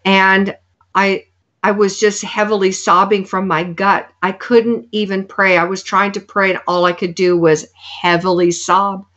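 A woman's voice: medium pitch, flat delivery, a little slow, a bit bright. A woman giving an earnest, preaching testimony, quoting scripture along the way. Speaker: guest. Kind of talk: sermon-like testimony. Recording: dull lo-fi sound.

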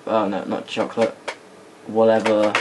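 A man's voice: fairly low pitch, completely flat delivery, moderate pace. A young man chatting casually in a home vlog while playing a computer game, rambling and muttering curses at the game. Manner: rambling, swears at the game, mutters under his breath. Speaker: vlogger. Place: indoors at a computer. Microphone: camera mic, held by hand. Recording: noisy home camera recording.

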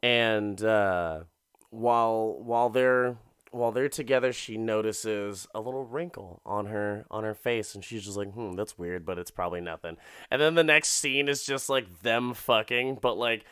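A man recapping an episode for a podcast, swearing freely and rambling through his story with plenty of fillers. His voice is smooth and clean, at an ordinary middle pitch. The sound is dry, with no room echo. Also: unhurried, a bit bright. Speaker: podcast host. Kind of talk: casual comedic episode recap.

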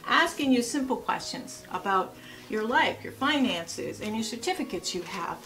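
A woman's voice: fairly high pitch, animated, normal speed, fairly bright tone, a little hiss or hum. A woman in her sixties giving casual lifestyle advice in a chatty vlog, full of asides and rhetorical questions. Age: 60s. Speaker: lifestyle vlogger.

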